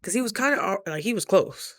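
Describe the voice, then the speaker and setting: A woman vlogger tells stories to camera in a casual, animated, slangy style, acting out the voices of the people involved. Her medium-pitched voice moves fast, and the studio-quality recording has no echo.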